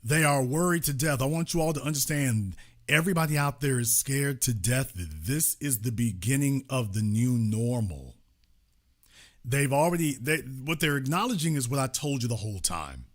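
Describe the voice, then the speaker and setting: A man's voice: medium pitch, animated, normal speed. Emphatic man giving a commentary monologue. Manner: emphatic, repetitive and preaching. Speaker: host.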